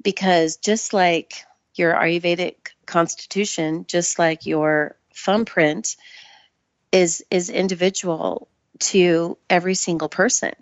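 A woman guest, an Ayurvedic practitioner, talking in a thoughtful, measured way on a remote interview. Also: lowish voice, steady tone, no room sound. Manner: thoughtful, measured, restarts phrases. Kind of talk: casual interview chat. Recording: dull lo-fi dry sound.

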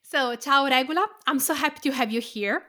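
A woman from Tuscany with an Italian accent, hosting a podcast interview in a warm, gently enthusiastic way. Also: high voice, brisk. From Italy, Tuscany. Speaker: podcast host.

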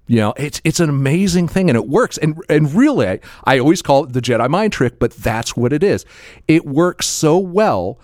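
A man's voice: on the high side, animated, normal speed, darkish tone, no echo, studio quality. A man co-hosting a podcast in casual chat, laughing often and stumbling over repeated words. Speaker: podcast co-host.

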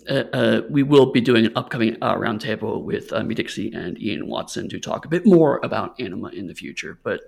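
A man hosts a podcast, talking in a halting way full of fillers. His pitch moves around a lot, and his voice has a gravelly edge. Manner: halting, many fillers, lively. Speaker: podcast host, game company staff. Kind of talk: casual chat.

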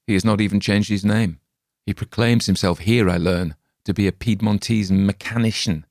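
A man narrating a gothic story in a measured, dramatic reading. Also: low-pitched, no echo, studio quality. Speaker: audiobook narrator. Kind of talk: scripted narration.

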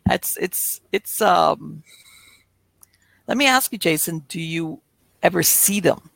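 Podcast host lady, gravelly voice, dry close sound, kinda halting chatty questions. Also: lowish voice, lively intonation, no room sound. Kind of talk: casual interview chat.

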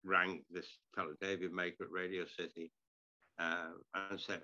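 Older man, bright forceful voice. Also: low voice, level tone, moderate pace, lo-fi sound. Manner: rambling, self-deprecating, frequent restarts and throat-clearing. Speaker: interview guest, retired sports broadcaster. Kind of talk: conversational storytelling.

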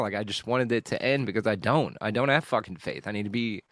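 A man hosting a podcast, talking candidly and emotionally about a hard stretch, rambling and swearing with frequent halting restarts. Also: on the low side, a bit bright, no echo, studio quality. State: emotional at times. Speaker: podcast host. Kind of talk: candid personal monologue.

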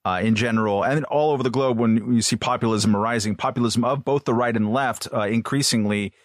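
A man co-hosting a podcast, speaking in a thoughtful, halting way with many fillers as he puts questions to a guest. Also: mid-range voice, no room sound, studio quality. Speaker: podcast co-host. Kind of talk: casual podcast discussion.

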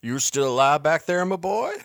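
A man's voice: lowish voice, sing-song, moderate pace, gravelly, no room sound, clean studio sound. A man voicing a mocking old male tonic peddler who bosses a boy around, with a nasty, phlegmy edge. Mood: taunting. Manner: taunting, bossy, with a nasty phlegmy laugh.

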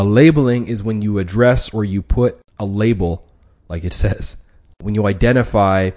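Brief: male podcast host, lowish voice, casual slangy explainer. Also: warm tone. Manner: conversational, many restarts, slangy. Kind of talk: casual instructional talk.

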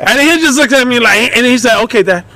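A man in his forties chatting casually with friends, an animated storyteller who acts out quotes in a raised voice and laughs often. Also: very high-pitched, fast, over a noisy crowd. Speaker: podcast co-host. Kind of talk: casual chat among friends.

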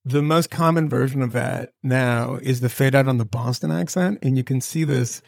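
A middle-aged man hosting a podcast, rambling in casual chat with a gravelly voice. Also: medium pitch, normal speed, no room sound, studio quality. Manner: rambling, animated storyteller. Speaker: podcast host.

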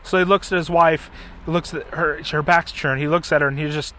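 A middle-aged man hosting a podcast, casually retelling a story in an animated way and acting out the quotes. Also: fairly high pitch, fairly quick. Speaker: podcast host.

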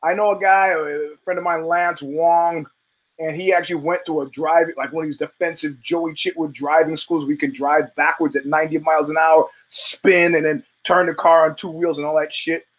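A man's voice: a little high, flat delivery, normal speed, low-quality recording. A male show host giving a blunt, rambling commentary monologue full of profanity and restarts.

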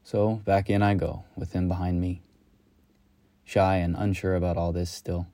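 Man, very low voice, dark tone, reflective storyteller, measured delivery. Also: level tone, no echo. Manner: slow, measured, lyrical. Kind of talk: reflective spoken-word storytelling.

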